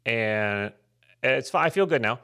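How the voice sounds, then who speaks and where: A man's voice: mid-range voice, animated, unhurried, sharp tone, smooth. A man co-hosting a comedy podcast, chatting casually in a rambling, self-mocking way and swearing freely. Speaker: podcast co-host.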